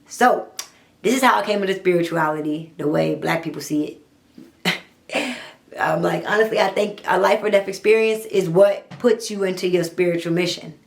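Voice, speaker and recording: Husky-voiced woman telling a blunt story. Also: fairly low pitch, moderate pace. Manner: blunt, profane, animated retelling with quoted dialogue. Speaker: vlogger telling her own story. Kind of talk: candid storytime monologue.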